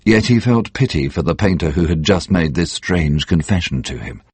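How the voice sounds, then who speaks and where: Deep husky male story narrator. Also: lively intonation, moderate pace, a little mellow, dry recording. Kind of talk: scripted story narration for English learners.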